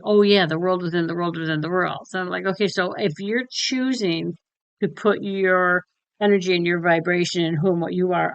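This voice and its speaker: Woman co-host, lowish voice, dry close sound, blunt and salty, retells stories with quoted voices. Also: dry recording, lo-fi sound. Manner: frank and blunt, swears freely, retells conversations with lively quoting. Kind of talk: casual spiritual chat.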